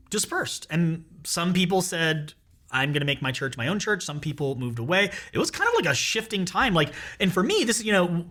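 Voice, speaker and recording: A man's voice: a little high, sharp tone. A man in his forties, a worship pastor hosting his podcast, telling his own story in a candid, rambling way with fillers and restarts. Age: 40s. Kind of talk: casual personal storytelling.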